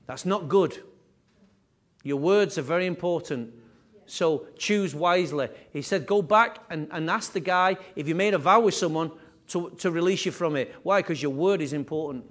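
A man preaching a sermon as pastor, animated and repetitive, with conversational asides. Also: a little high, moderate pace. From England.

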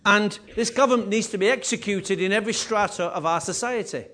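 A man preaching a sermon with emphatic, repetitive phrasing, his voice rising and falling in loudness. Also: high voice, brisk. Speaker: pastor.

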